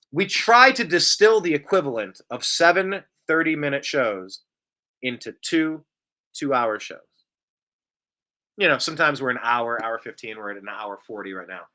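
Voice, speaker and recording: Very animated and speaking at a normal speed, a show host with a sharp, mid-range voice reads out viewer comments on his casual live broadcast. He keeps drifting into lengthy tangents, a self-described bloviator.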